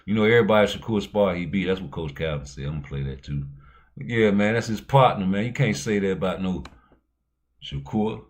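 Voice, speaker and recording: A man hosting a boxing talk show in loose, casual chat. His slangy, profane delivery is animated and sits a touch low in pitch. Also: fairly quick.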